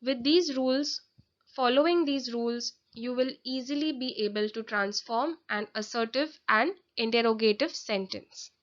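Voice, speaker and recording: A woman's voice: a little high, normal speed. A woman teaching a grammar lesson, explaining carefully step by step and sometimes correcting herself. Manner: careful, explanatory, with small slips and self-corrections. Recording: dull lo-fi audio.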